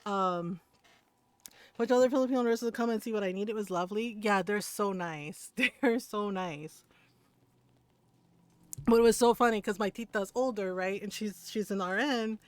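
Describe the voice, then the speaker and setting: A woman's voice: mid-range voice, moderate pace, dry recording. A woman livestream host chatting casually as she tells a story, rambling and filling her talk with "like" and "right?".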